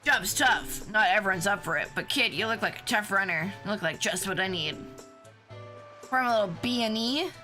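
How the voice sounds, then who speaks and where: A woman voicing a male crook in a game who pitches a heist to a kid in a gruff, fast-talking way. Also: lively intonation, sharp tone, faint music behind. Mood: scheming.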